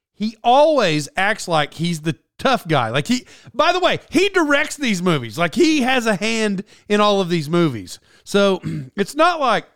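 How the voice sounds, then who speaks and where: A man's voice: high-pitched, fairly bright tone, dry recording, clean studio sound. A man on a rambling comic rant, sarcastic and often cutting himself off to restart. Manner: sarcastic, self-interrupting, stumbling restarts. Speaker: comedic commentator.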